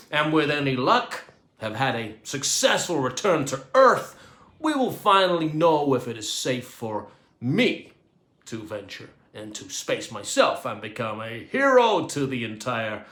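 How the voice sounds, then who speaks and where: A man's voice: fairly high pitch, a bit bright. A man voicing a pompous, bossy American astronaut captain in a storybook reading, with a commanding, sarcastic manner. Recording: echoey room.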